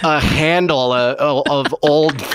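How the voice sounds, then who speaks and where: Man from Montana, 40s, smooth, slightly high voice, self-deprecating co-host. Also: fairly even intonation, slow pace, a bit bright. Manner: rambling, self-deprecating, acts out quotes. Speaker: podcast co-host. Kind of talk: casual comedic chat. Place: at home.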